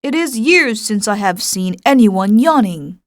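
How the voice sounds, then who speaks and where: A woman's voice: medium pitch, lively intonation, a little slow, no echo, clean studio sound, natural voice. A woman voicing a proud, pompous old king in an audiobook reading, speaking in a commanding, stately way. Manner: commanding, stately, a little flustered.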